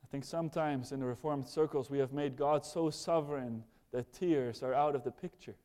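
Earnest preacher in a reverberant hall. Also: male voice, mid-range voice, moderate pace. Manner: earnest, moving between hushed and raised passages. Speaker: pastor. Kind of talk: sermon. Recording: long reverb of a large hall.

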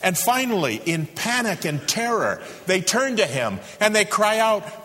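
Male preacher, unhurried, bright and expressive, echoing sanctuary. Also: high-pitched. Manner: slow, dramatic preaching with sudden loud rises and hushed drops. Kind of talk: sermon. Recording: reverberant hall.

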